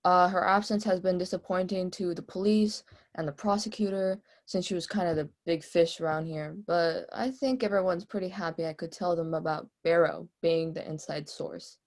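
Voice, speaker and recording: A woman's voice: fairly low pitch, normal speed, lightly acted. A woman playing a brash young female bank robber, testifying in a casual, streetwise, offhand way over a video call in a mock trial.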